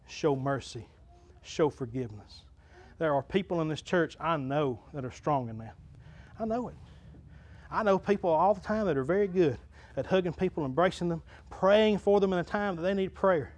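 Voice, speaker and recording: A man preaching a sermon to his congregation in a church, folksy and plain-spoken, building to loud crescendos and dropping back to a low talk. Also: animated, moderate pace. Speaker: pastor. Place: church sanctuary.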